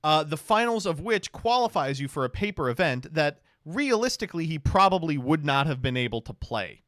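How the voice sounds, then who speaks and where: Animated, lively man streamer. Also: fairly high pitch, fairly quick, no room sound, clean studio sound. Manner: animated, swears freely, laughs often. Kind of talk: casual reaction commentary.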